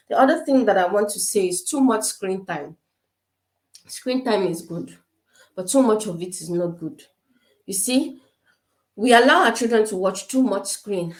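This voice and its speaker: Quick, emphatic African woman in an echoey room. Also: mid-range voice. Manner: quick, emphatic, repeats points. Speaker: parenting speaker. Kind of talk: informal advice talk. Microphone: camera.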